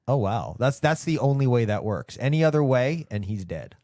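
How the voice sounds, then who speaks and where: A male podcast co-host in a casual comedy chat. His voice swings widely in pitch as he rambles and restarts his sentences. The recording is dry and close. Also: very animated, moderate pace, warm tone, no room sound.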